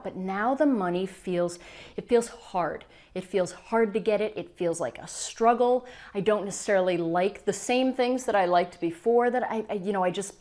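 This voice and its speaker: A middle-aged woman coach telling a client story to camera, acting out the quoted dialogue with lively energy. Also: medium pitch. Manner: animated, acts out quoted dialogue. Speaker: law of attraction coach.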